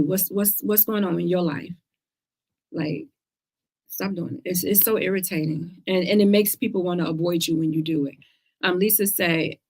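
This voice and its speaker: A middle-aged woman, hosting a casual talk show and speaking earnestly and emphatically, repeating words to stress her points. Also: medium pitch. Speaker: host of a cancer talk show.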